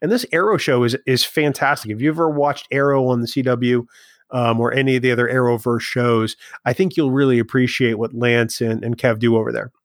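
A man co-hosting a casual podcast, friendly and teasing, often halting with small fillers as he introduces the episode and reads ads. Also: medium pitch, steady tone, no room sound, clean studio sound. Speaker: podcast co-host.

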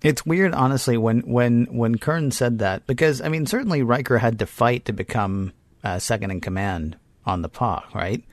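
A man co-hosting a podcast, recapping a story in a wry, quick way with asides. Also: mid-range voice, dry recording. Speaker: podcast co-host. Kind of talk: casual chat and episode recap.

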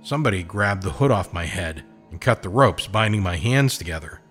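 A man's voice: sits low, animated, fairly quick, a bit bright, breathy edge, faint music behind. A man narrating a pulp adventure in the first person, in a hardboiled, slangy storytelling manner.

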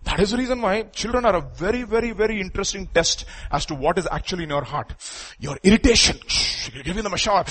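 High, bright-voiced preacher man. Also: lively intonation, fast talker, few pauses, breathy edge. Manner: preaching with rising, emphatic outbursts. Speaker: pastor. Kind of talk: sermon.

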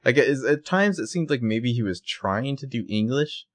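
A man's voice: mid-range voice, lively intonation, moderate pace. A man co-hosting a podcast, recapping a show in casual chat, swearing freely and laughing often. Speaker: podcast co-host.

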